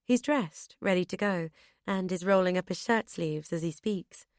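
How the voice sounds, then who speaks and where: Female audiobook narrator, first person, brisk and expressive, close dry studio sound. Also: on the low side, no echo.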